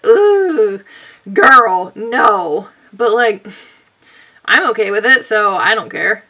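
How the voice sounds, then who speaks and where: Bubbly, bright-voiced young woman vlogger. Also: fairly high pitch. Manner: rambling, bubbly, self-mocking. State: sweaty and out of breath. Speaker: beauty vlogger. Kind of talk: chatty makeup tutorial.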